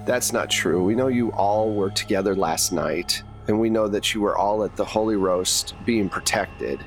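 A man playing a cold male government interrogator who speaks in calm, condescending threats. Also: on the low side, moderate pace, soft background music, voice pushed down, close to an everyday voice. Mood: menacing.

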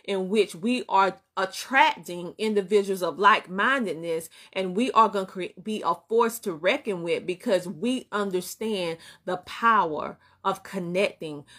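A woman's voice: medium pitch, measured pace, few pauses, a bit bright. A woman with a Southern US accent, a business coach hosting a motivational live stream, who talks emphatically and repeats her points. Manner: emphatic, repetitive, greets viewers by name. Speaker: business coach and show host.

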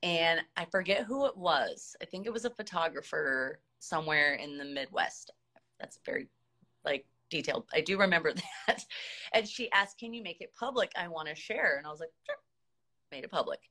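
A woman in her thirties from the United States, telling a story in a chatty, animated way, laughing often as a podcast guest. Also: deep voice, normal speed. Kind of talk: casual storytelling.

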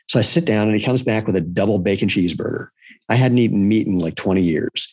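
A man with a fairly low voice speaks as a podcast guest. He is blunt and irreverent and tells stories in a relaxed, conversational way. The sound is dry and close to the mic. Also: fast, no room sound. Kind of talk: casual conversation.

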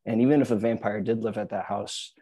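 Man, low dark husky voice, casual rambling chat, fillers and restarts. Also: fairly even intonation, fast talker, dry recording. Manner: rambling storyteller, many "like"s and restarts. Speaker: podcast co-host.

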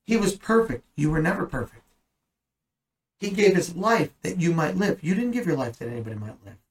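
A Bible teacher with a somewhat high, husky voice explains scripture in a relaxed, conversational style. He's earnest and very animated, speaking fairly quickly and driving home points with sudden emphatic bursts. The recording is rough.

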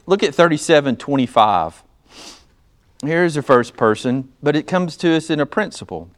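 A pastor preaching a sermon, teaching verse by verse and slowing down to stress the scripture he reads. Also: a little high.

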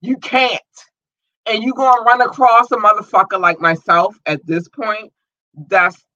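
Brief: outspoken woman streamer, tense bright delivery, dry, muffled stream sound. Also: low-pitched, dry recording. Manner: heated, profane, emphatic. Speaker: livestream host. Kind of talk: casual livestream rant. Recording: dull lo-fi stream audio.

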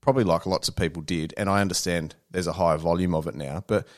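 A man's voice: sits low, steady tone, fast. An Australian man in casual podcast chat, swearing freely and acting out the people he quotes. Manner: swears often, acts out quoted dialogue.

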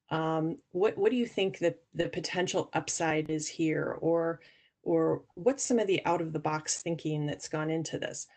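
A woman guest on a podcast, explaining earnestly how investors judge founders, often restarting her sentences. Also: sits low. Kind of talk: podcast interview answers.

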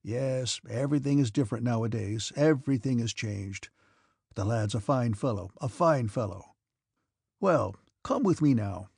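A man reading the part of a cranky, abrupt old prince with sharp, mocking outbursts. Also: medium pitch, lively intonation, moderate pace, creaky, breathy edge, no echo, studio quality. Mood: brusque. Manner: barking, mocking, piercing outbursts.

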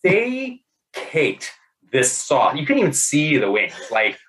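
A man in casual conversation, telling funny work stories in an animated way, laughing often, with many fillers and restarts. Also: fairly high pitch, takes it slowly, poor audio. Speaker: podcast guest. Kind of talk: casual storytelling.

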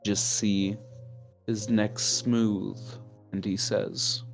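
Low-voiced male game master. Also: little pitch movement, extremely slow, gravelly, soft background music. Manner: rambling with fillers and self-corrections. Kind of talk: narrating a tabletop game.

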